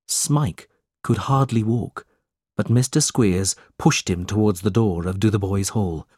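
A man narrating a storybook chapter slowly and deliberately, with expressive reading. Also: lowish voice, husky, no echo, clean studio sound. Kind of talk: slow audiobook narration for learners.

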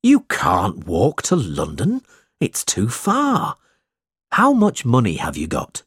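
A man's voice: mid-range voice, huge pitch swings, takes it slowly, a bit bright, husky, dry recording, studio quality, heavily acted. A man voicing a hearty, kind-hearted friend in a storybook reading.

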